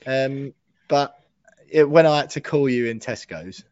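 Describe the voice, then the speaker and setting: A man co-hosting a podcast in casual chat, excitable and chummy, often saying mate. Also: medium pitch, a little slow, no room sound, dull audio. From England. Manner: excitable, chatty, says mate a lot. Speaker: podcast co-host.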